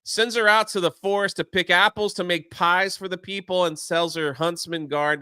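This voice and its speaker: A man hosting a casual talk show, recapping a film in an animated way and briefly putting on voices for its characters. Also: on the high side, smooth, no echo, studio quality. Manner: animated retelling, acting out characters' lines in quick put-on voices. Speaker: show host. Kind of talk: casual movie recap chat.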